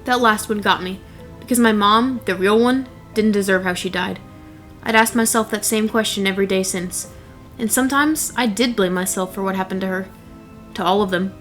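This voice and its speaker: A woman's voice: medium pitch, moderate pace, a bit bright, soft background music. A young woman narrating a first-person horror story in a wry, blunt, casually profane way.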